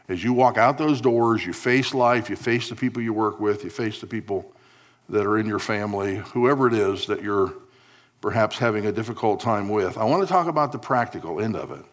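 Male pastor, sermon delivery, drawn-out emphasis, quiet asides. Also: fairly low pitch. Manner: emphatic preaching, stretches key words, drops to quiet asides.

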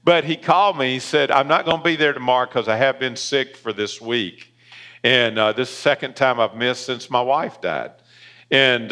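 A man with a Southern accent preaching a sermon as pastor, emphatic and rising in pitch on key points, in a church. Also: bright, forceful tone.

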